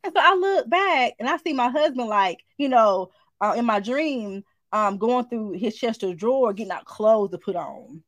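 An adult woman, sharing a dream in a casual spoken message, animated and informal, acting out the voices as she tells it. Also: a little high, normal speed, dry recording. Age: adult, married mother. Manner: animated storytelling, shifts into acted quotes, informal speech. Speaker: Christian speaker sharing a prophetic dream.

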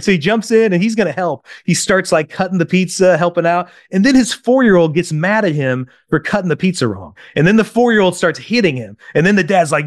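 A man with a fairly high voice, recorded dry and close, talks as a parenting coach in an interview. He tells anecdotes with animation, acts out the people in them and keeps checking in with his listener. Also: normal speed, no echo. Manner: animated storyteller, acts out quotes, keeps asking "right?". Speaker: parenting coach, podcast guest.

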